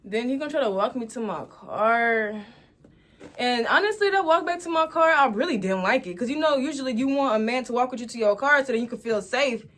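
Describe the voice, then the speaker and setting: A young woman from Dallas tells a dating story straight to her viewers in a casual vlog. She sits a little higher in pitch than most women and puts lively drama into every line. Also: a little fast. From Dallas, Texas, USA. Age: 20s. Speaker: storytime vlogger.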